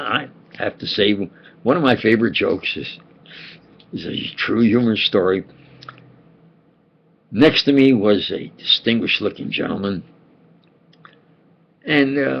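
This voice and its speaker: A man's voice: mid-range voice, gravelly, a little hiss or hum. An older man telling a meandering personal story, full of fillers and restarts. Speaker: vlogger. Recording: dull lo-fi home recording.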